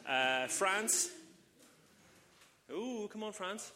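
A man's voice: high voice, animated, extremely slow, pushed and bright, in a large hall, some chatter behind, a little hiss or hum. A man in his thirties with a British accent, a visiting church speaker chatting and joking casually with the congregation. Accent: British English. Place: church service in front of a congregation.

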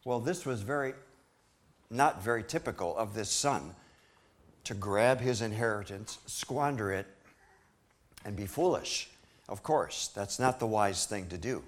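Slow, expressive male preacher. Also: lowish voice. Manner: expressive, dramatic readings with rhetorical questions. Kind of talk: sermon.

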